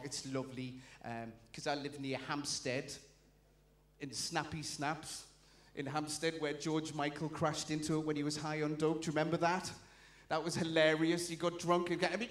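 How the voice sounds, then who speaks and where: Geordie bloke doing bawdy standup, highish voice, echoey club stage mic. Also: male voice, fairly bright tone. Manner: brash, bawdy, quick punchlines. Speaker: stand-up comedian. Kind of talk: stand-up routine. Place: comedy showcase stage. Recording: echoey venue.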